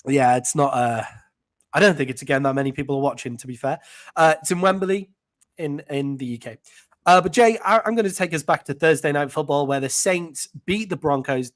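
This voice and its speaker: A man with an English accent co-hosting a casual sports podcast, chatty and quick to laugh, with plenty of fillers. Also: fairly high pitch, dry recording. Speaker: podcast co-host.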